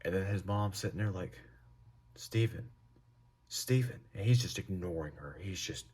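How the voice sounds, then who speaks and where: A young man telling a casual storytime with lots of swearing and animated delivery. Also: fairly low pitch, husky. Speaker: vlogger.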